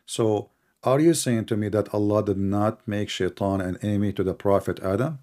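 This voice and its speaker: A man's voice: on the low side, normal speed, warm tone. A man with a voice in an online religious debate, pushing hard, interrupting and sarcastic.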